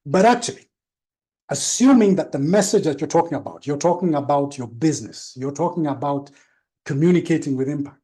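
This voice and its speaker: A man giving a live seminar talk as a branding trainer, with a trained, deliberate delivery that varies tone and stresses certain words. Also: on the high side, mellow.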